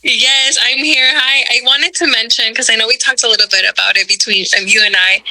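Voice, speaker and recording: A woman's voice: a little high, steady tone, fairly quick, bright, forceful tone, poor audio. A woman in a group session, talking chattily and thinking aloud with fillers. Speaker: group participant.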